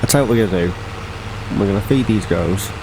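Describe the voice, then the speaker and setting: A man's voice: lowish voice, quick pace, gravelly, background noise. A man chatting casually as he plays a farming game, rambling and correcting himself. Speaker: gaming channel host.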